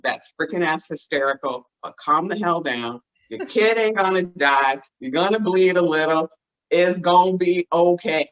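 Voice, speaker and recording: Low-voiced woman guest, dull lo-fi audio. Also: a bit bright. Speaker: guest, financial advisor. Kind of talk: casual chat.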